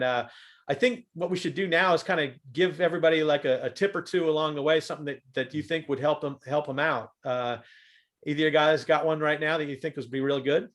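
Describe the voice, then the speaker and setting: A fairly high-voiced man talking on a video call panel, lively and demonstrative, the way a stand-up comic explains his craft. He jumps between plain explanation and acted-out examples. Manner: animated storyteller who acts out examples. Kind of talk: conference panel talk.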